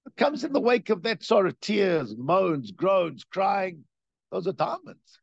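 In a dry, lo-fi recording, a man with a high voice and vocal fry teaches Torah at a measured pace. After reading the Hebrew text, he explains it in English with growing emphasis, animatedly repeating points for effect.

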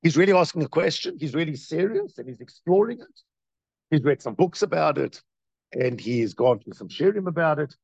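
Animated gravelly male Torah teacher. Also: on the high side, moderate pace, dry recording, muffled recording. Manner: animated, questioning, rhetorical. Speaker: rabbi teaching a class. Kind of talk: Torah class lecture.

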